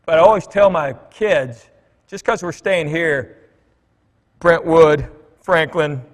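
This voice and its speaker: A man's voice: fairly high pitch, slow. A middle-aged man, a comedian, telling stories to a church congregation in a conversational, joking way with fillers and asides. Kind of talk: storytelling talk to a congregation. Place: church hall with an audience. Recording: long reverb from a large church hall.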